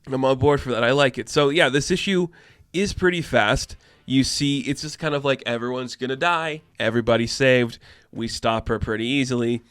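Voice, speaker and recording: A young man talks through a comic book issue in a casual, enthusiastic vlog, tossing in rhetorical asides as he goes. His voice sits at an ordinary middle pitch. The sound is dry and close, with faint music in the background. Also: clean tone, no room sound.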